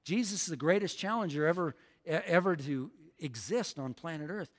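A man's voice: on the high side, animated, a little fast, few pauses. A man preaching a sermon as pastor, emphatic, repeating lines for the congregation to say back. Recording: long hall reverb.

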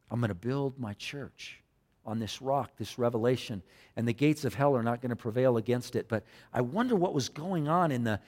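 A man's voice: medium pitch, darkish tone. A man preaching a sermon, acting out scripture dialogue with dramatic repetition. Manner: dramatic, acts out scripture dialogue, repeats phrases. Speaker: pastor. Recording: long hall reverb.

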